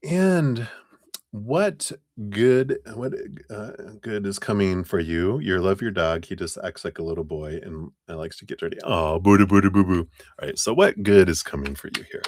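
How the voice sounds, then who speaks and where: A man with a deep, low voice gives tarot readings on a live stream. He talks in a gentle, rambling, encouraging way and laughs softly now and then. He is close to the mic in a dry, dead room. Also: moderate pace, no echo. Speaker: tarot reader.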